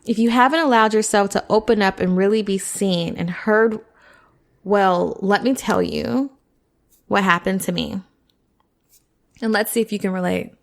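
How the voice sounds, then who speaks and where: Gravelly-voiced woman giving frank advice. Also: mid-range voice, moderate pace, pauses often. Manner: chatty, frank, keeps checking in with the listener. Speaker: podcast host. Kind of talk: casual advice monologue.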